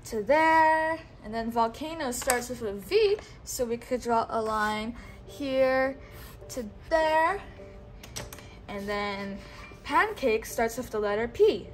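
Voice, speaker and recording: Slow, coaxing woman teacher. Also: a little high, expressive, faint music behind. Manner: slow, coaxing, repeats words for the child to echo. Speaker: teacher guiding a child. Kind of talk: patient one-on-one teaching.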